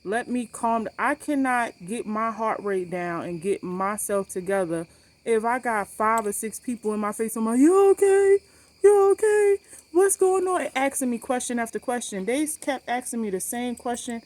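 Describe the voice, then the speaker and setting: A woman vlogging about her cancer treatment, telling a story to camera in a blunt, animated way, swearing freely and repeating points for emphasis. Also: a little high, normal speed.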